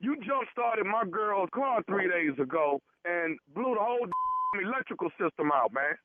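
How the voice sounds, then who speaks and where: A man's voice: high voice, animated, normal speed. A man playing an irate young man who complains about his girlfriend's car, as a prank caller. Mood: insistent. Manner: pushy, insistent, repeats himself. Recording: dry tinny phone line.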